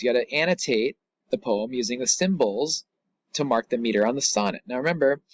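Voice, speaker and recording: A man's voice: mid-range voice, slightly rough. A middle-aged man teaching a recorded lesson, explaining a poem in a casual, chatty way with asides.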